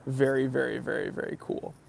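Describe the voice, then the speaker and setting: A man's voice: mid-range voice, flat delivery, fairly quick, vocal fry, slight background noise. A young American man hosting a watch channel livestream, casually chatting and answering viewer comments in a laid-back, bro-ish way. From United States.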